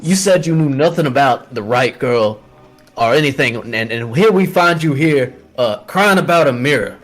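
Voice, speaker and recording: A man's voice: medium pitch, expressive, fairly bright tone, faint music behind, close to an everyday voice. A man voicing a tough male agent who mockingly threatens a suspect in a tabletop game role-play. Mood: menacing. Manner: gruff, mocking, halting.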